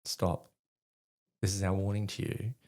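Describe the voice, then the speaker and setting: A man's voice: low-pitched, monotone, a little slow, mellow. A middle-aged Australian man telling a story as a podcast guest, swearing freely, with many fillers. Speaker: podcast guest, army veteran. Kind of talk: casual storytelling in conversation.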